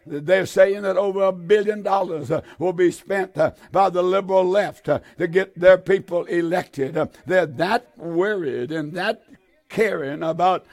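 An elderly man in his eighties delivers a fervent, pleading sermon in a fairly high voice, his speech full of "uh" and restarts. He presses hard on his listeners with direct appeals and repeated lines. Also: a little slow, creaky, a little mellow. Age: 80s. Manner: fervent pleading preaching with frequent "uh" fillers. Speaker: preacher. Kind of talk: radio sermon.

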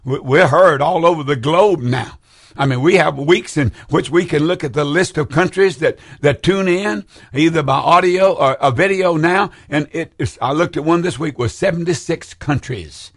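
A man's voice: a little high, normal speed, no room sound, studio quality. An older man hosting a call-in preaching broadcast, fervent and rambling, reading scripture and urging listeners to phone in.

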